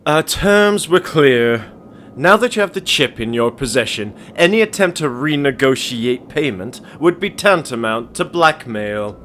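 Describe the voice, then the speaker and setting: A man voicing a ruthless, centuries-old male billionaire in a homemade monologue, stern and deliberate with a slight twang. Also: medium pitch, expressive, fairly bright tone, a little hiss or hum. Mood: cold. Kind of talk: amateur voice acting monologue.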